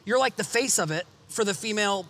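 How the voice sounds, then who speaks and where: A man's voice: high voice, lively intonation, quick pace, a bit bright, a little hiss or hum. A man co-hosting a podcast, asking the guest curious, direct questions. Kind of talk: casual podcast chat.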